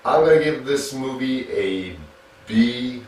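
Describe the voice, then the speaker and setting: A man's voice: mid-range voice, lively intonation, slow, darkish tone, slight background noise. A man giving a casual spoken film review in a plain, stop-and-start way, often restarting his words. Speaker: movie reviewer. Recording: very echoey room, mic at a distance.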